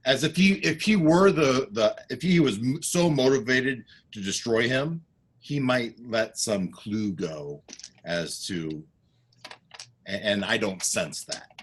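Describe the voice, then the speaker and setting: A man's voice: medium pitch, takes it slowly, breathy edge. A man playing a tabletop role-playing game, describing his moves in a rambling, self-correcting way. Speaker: player.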